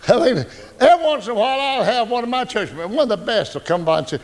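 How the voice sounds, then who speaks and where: A male pastor preaching a folksy, joking, animated sermon. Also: very high-pitched, fast talker.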